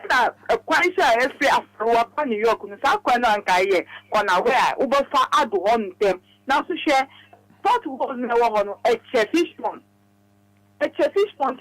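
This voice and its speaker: A woman with a Ghanaian accent calling in to a radio show, rambling quickly in a mix of Twi and English. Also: a little high, a bit bright, no echo, poor audio. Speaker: radio caller. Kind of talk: phone-in talk.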